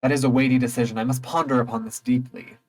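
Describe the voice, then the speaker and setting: A man's voice: mid-range voice, level tone, fast talker, lightly acted. A man voicing a stern male god of the underworld who speaks in a grand, formal, commanding way, in a game.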